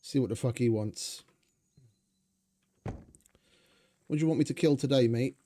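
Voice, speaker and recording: A man's voice: mid-range voice, a little slow, warm tone, a little hiss or hum. A young man giving rambling, sarcastic, swearing commentary over his gameplay. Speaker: gaming channel host.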